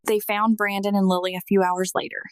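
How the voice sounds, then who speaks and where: A woman narrating a scripted first-person testimony in a slow, emotional, earnest manner. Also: medium pitch, little pitch movement, no echo.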